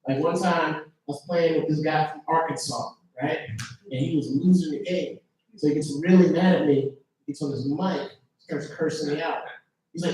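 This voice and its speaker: A man's voice: on the high side, brisk, a little mellow. A male stand-up comedian doing crowd work in a comedy club, brash and teasing, full of casual slang. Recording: very echoey club from far off.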